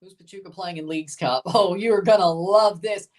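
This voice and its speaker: A woman's voice: lowish voice, brisk, darkish tone, distant mic. A woman streaming a live soccer watchalong, bantering with viewers, swearing and chanting along. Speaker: streamer reacting to a soccer match.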